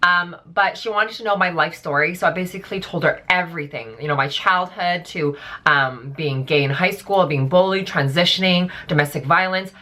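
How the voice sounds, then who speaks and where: A woman's voice: fairly low pitch, normal speed, few pauses, pushed and bright, a little hiss or hum. A young woman telling a storytime vlog in a chatty, casual way, full of "like" and "um". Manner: chatty, filler-heavy, lots of "like". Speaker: vlogger.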